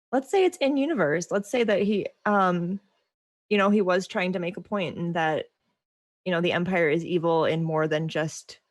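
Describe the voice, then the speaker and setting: Low-voiced woman guest, thinking aloud. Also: dry recording, clean studio sound. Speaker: podcast guest. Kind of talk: casual podcast chat.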